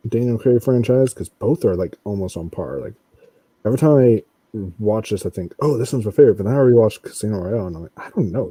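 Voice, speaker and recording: A man in a casual movie discussion, animated and quoting his own reactions. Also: fairly low pitch, breathy edge, no room sound. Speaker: podcast panelist.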